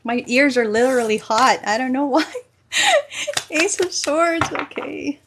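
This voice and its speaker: A woman's voice: high voice, lively intonation, unhurried, creaky, noisy background. A woman chatting casually on a livestream as a tarot reader, giggly and self-deprecating.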